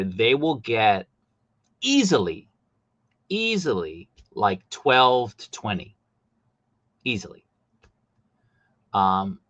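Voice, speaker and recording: A man hosting a casual livestream chat about collectible figures, talking animatedly, his voice jumping high when he gets exasperated. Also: a bit bright, no echo. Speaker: host.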